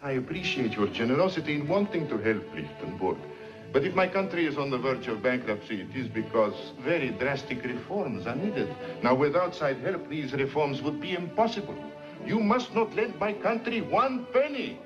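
An actor playing a principled prime minister in a 1950s film, speaking in a formal, measured and dignified way. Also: male voice, on the high side, expressive, close to an everyday voice. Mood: earnest. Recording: dull 1950s film soundtrack with music.

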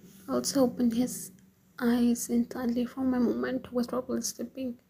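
A woman reading a romance story aloud in first person, in a whispered role-play with a breathy, hushed voice. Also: fairly high pitch, monotone, normal speed, rough recording. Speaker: fan fiction reader.

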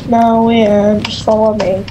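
A woman's voice: medium pitch, little pitch movement, unhurried, noisy background. A woman co-hosting a gameplay video, teasing and trash-talking her friend with playful laughs. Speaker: gaming video co-host. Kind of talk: casual gameplay chat.

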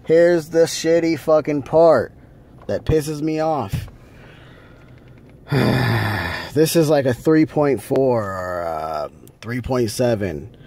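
Angry profane man ranting slowly. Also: medium pitch, darkish tone. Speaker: vlogger. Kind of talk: casual vlog rant.

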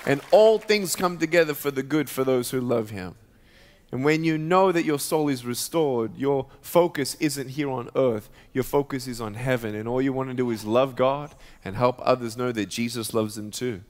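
A man's voice: medium pitch, moderate pace. A man giving an emphatic sermon as guest speaker at a church, storytelling and preaching with rising intensity. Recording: reverberant church hall.

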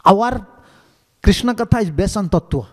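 Man, monk teaching scripture; high and very animated delivery, simple non-standard English. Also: moderate pace, long reverb tail. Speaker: monk giving a scripture class. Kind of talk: devotional lecture with storytelling.

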